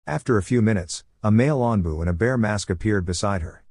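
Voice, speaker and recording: A man narrating a fan fiction story in a steady, even reading manner. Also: fairly low pitch, brisk, breathy edge, dry recording, clean studio sound.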